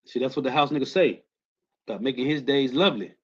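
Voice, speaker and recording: A man's voice: mid-range voice, quick pace, husky, dull audio. A man teaching a scripture lesson, commenting on film clips in an informal, preachy way, often adding "man" and "right?". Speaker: religious teacher.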